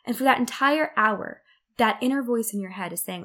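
A woman's voice: on the high side, expressive, normal speed, sharp tone. Earnest woman hosting a self-help podcast. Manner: earnest, acts out inner-voice quotes. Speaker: podcast host. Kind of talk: reflective self-development monologue.

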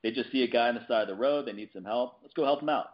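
A man hosting a casual conversation, talking quickly with frequent restarts. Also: medium pitch. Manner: fast, restarts often. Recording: dull lo-fi audio.

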